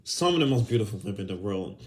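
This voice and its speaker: A man's voice: lowish voice, sing-song, fast talker, slight background noise. A young adult man hosting a podcast, ranting casually with heavy swearing and bursts of laughter. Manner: profane, heated, breaks into laughter. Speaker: podcast host.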